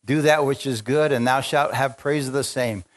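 A fervent male preacher addressing a packed church, reading scripture aloud and pressing the crowd with questions. His pitch sits in the middle for a man and he swings between quiet asides and high, excited calls. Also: normal speed. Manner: fervent, rising to exclamations and calls to the congregation. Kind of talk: spontaneous sermon. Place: large church with a congregation.

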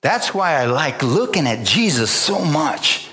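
A man's voice: on the high side, very animated, unhurried, bright, forceful tone. A man preaching a sermon, retelling the story in a loose, conversational way, acting out the dialogue and often stopping to restart his sentences. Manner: casual retelling with acted-out dialogue. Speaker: pastor.

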